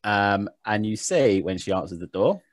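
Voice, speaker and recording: A man's voice: fairly low pitch, lively intonation, moderate pace, dry recording. Rambling man running a game. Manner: rambling, self-mocking, laughs at himself. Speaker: game master. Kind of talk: casual tabletop game narration.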